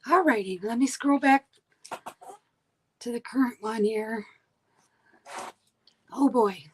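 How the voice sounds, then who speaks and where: A woman's voice: fairly high pitch, slow pace, a little hiss or hum, low-quality recording. A woman hosting a live online sale, chatting casually while she counts items and reads out buyers' names. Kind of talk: casual live-stream selling.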